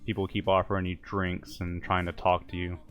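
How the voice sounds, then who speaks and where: Deep-voiced man narrating as game master. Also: a little fast, faint music behind. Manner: calm descriptive narration, calling for dice rolls.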